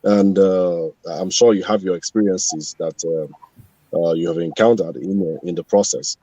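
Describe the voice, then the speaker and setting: Deep, husky-voiced man asking a question. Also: warm tone, no echo, lo-fi sound. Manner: halting, many fillers. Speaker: caller or panelist asking a question. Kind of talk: spoken question on a TV show.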